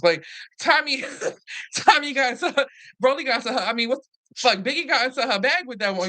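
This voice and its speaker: A woman hosting a casual, animated recap chat, swearing freely and acting out what others said. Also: high-pitched, fairly quick. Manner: animated, profane, acts out quotes. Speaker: host.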